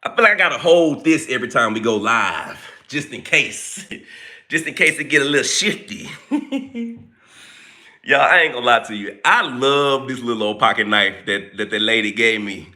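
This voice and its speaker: A man hosting a casual livestream, chatting playfully and greeting viewers by name in relaxed, informal speech. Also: mid-range voice, moderate pace. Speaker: livestream host greeting chat.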